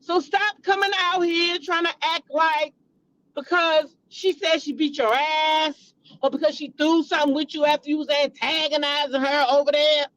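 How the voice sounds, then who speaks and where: High-voiced female commentary host, blunt, profane, heated; AAVE speech. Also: level tone, normal speed, a bit bright, no room sound, poor audio. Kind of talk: casual commentary vlog.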